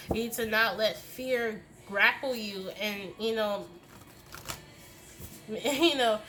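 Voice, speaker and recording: A woman's voice: fairly high pitch, bright, forceful tone. A young woman giving a casual tarot reading to camera, emphatic and swearing often, with many "okay?" tags as she delivers a tough-love pep talk. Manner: many "okay?" tag questions. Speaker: tarot reader.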